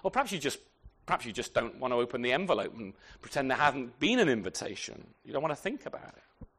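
A man preaching a sermon to his congregation, animated and often repeating words as he restarts his sentences. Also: mid-range voice, fast, slightly rough. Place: church.

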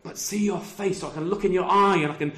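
A man's voice: sits high, fast, bright, forceful tone, reverberant. A middle-aged man preaching a sermon over a video call, talking conversationally and often ending with tag questions. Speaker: pastor.

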